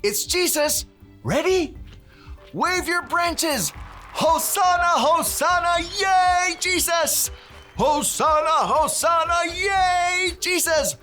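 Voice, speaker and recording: Guy doing a peppy handyman for kids, slow and clear, voice leaps way up on cheers, music under it. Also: high voice, huge pitch swings, fairly bright tone, heavily acted. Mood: cheery. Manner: bouncy, call-and-response with kids, bursts of cheering. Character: cheerful handyman who drops Spanish words. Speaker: children's ministry presenter.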